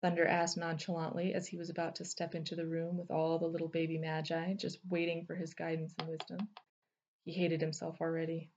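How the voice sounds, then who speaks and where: A woman narrating a fantasy novel with expressive storytelling. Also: low voice, fairly quick, lo-fi sound, slight background noise. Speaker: audiobook narrator. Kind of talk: fiction narration.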